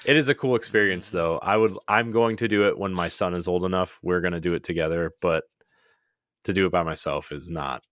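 A man's voice: deep voice, fairly quick, fairly bright tone, no echo, studio quality. A man co-hosting a podcast in casual chat, rambling with lots of "like"s and restarts. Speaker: podcast co-host.

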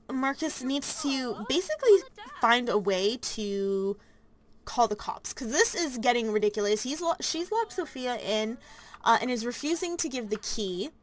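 A woman narrating a life-simulation game in a chatty, anxious way, full of fillers. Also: a little high. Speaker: let's play host.

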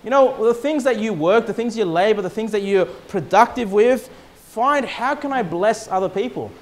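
High-voiced Australian pastor preaching. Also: male voice, lively intonation. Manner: emphatic preaching, reads scripture slowly and loudly. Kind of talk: sermon. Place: church.

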